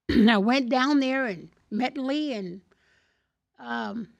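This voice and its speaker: High-voiced older woman telling a story. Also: takes it slowly, vocal fry, dry recording, highs cut off. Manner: lively, laughing, acts out the people in her story. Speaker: podcast guest. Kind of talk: storytelling anecdote in casual chat.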